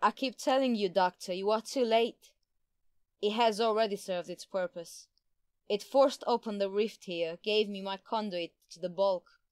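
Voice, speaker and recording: A man's voice: high voice, unhurried, darkish tone, clean tone, no echo, voice pushed up. A man voicing a gloating female Time Lord villainess who spits her words with scorn, in an audiobook reading.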